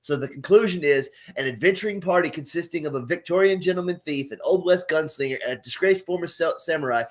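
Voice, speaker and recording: Man listing facts, higher voice. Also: fast talker. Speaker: host. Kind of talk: casual chat on a call.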